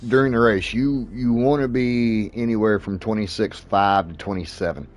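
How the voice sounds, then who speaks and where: In a steady, fairly low voice at a moderate pace, a man gives relaxed commentary on a racing sim. He hands out racing tips while swearing freely and laughing a lot.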